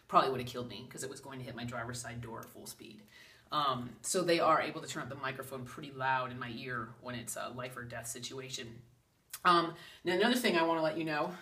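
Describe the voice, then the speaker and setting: A woman with a low voice gives a chatty, animated spiritual talk as a medium. She acts out the voices she quotes. Her voice sits a little distant from the microphone. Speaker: psychic medium. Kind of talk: casual spiritual talk to camera.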